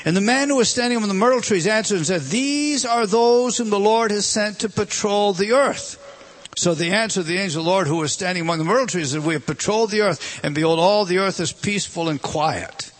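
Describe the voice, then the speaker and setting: A man preaching an expository sermon, reading scripture aloud with emphasis and dropping to low, intimate appeals. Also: brisk.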